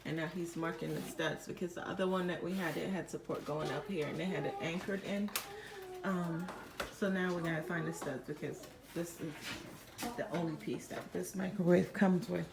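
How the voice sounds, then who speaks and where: A woman's voice: fairly low pitch, fairly even intonation, moderate pace, creaky, low-quality recording. A woman chatting casually in her day-in-the-life vlog as a mom, talking to her toddler and to the camera in her home kitchen. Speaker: vlogging mom. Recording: kitchen clatter of dishes and pans.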